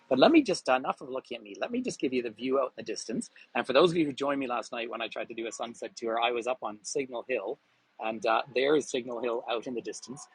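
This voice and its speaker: A middle-aged man from Canada talks into his phone on a hill outdoors, hosting a live virtual tour. His voice sits at an ordinary pitch with a slightly husky edge, and he keeps up a friendly, chatty flow as he greets viewers. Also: low-quality recording. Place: outdoors on a hill above a harbour city.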